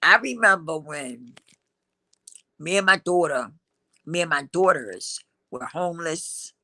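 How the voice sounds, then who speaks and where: A woman's voice: lowish voice, unhurried, sharp tone, dry recording. A middle-aged woman, hosting a casual livestream in a loose, preachy way and now and then singing snatches of a song. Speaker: livestream host.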